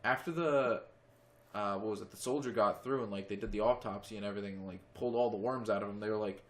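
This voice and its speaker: A man's voice: on the low side, fast, a little hiss or hum. Young man rambling on a casual podcast. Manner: joking, rambling, drinking beer. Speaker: podcast co-host. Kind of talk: casual chat.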